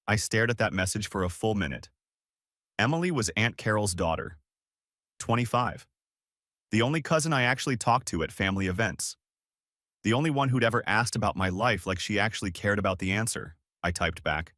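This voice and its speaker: A young adult man reading a story in a flat, measured, numb tone. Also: lowish voice, no echo, studio quality. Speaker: narrator. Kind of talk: scripted story narration.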